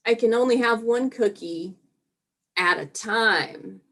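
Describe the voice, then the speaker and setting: A sweet, slightly raised little-girl voice, played by a woman, calm and literal, with slow deliberate delivery. A clever four-year-old who sounds innocent and sly at once. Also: a little high.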